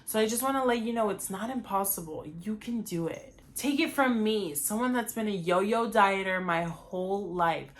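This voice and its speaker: A woman's voice: medium pitch, moderate pace, hardly any pauses. A young woman talking earnestly and emotionally to her viewers about her weight loss, with lots of "like" and "you know". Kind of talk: casual confessional talk to camera.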